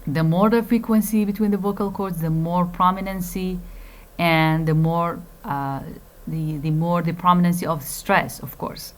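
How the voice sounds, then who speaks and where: A woman gives a recorded university phonetics lecture in a fairly low voice. She explains things slowly and carefully, fills pauses with "uh" and "um", repeats key phrases, and drops into Arabic asides to clarify. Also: fairly even intonation.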